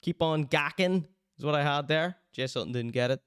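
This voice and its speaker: A man's voice: a little high, a little fast, a bit bright, clean tone, dry recording, clean studio sound. A man hosting his own online show, plugging t-shirts in a joking, rambling, self-mocking way. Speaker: show host.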